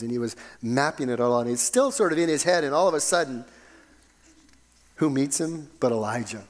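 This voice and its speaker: Preacher guy, kinda high voice, gets loud then drops to almost a whisper, very dramatic. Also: lively intonation, a little fast. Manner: dramatic, swings from ringing emphasis to hushed near-whisper; rhetorical, addresses listeners as loved ones. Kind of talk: sermon.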